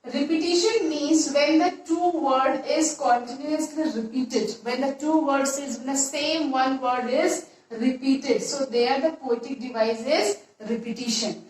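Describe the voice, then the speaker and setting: A woman teacher, slowly explaining a poem to a class and repeating her points. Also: high voice, a little mellow, a little hiss or hum. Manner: slow, repetitive explaining with restarts. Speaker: English teacher. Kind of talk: classroom poetry lesson. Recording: echoey room, voice far from mic.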